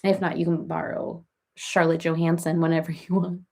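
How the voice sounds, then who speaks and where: Gravelly rambling reality-TV cat lady, played by a woman. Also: low voice, level tone, normal speed, a little mellow. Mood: chatty. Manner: rambling and chatty, baby-talks her cats, answers viewers by name. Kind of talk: comedic parody livestream chat.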